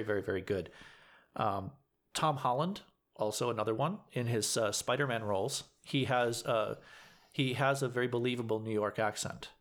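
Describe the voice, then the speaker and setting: A man's voice: on the low side, a bit bright. A man, a community theater actor giving advice in a casual interview, earnest and explanatory with frequent restarts.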